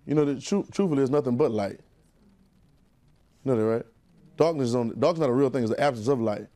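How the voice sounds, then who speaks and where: A man's voice: mid-range voice, fairly quick, warm tone. A man with a Southern US accent preaching a sermon to his church, talking conversationally, laughing and calling for responses from the congregation. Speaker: pastor.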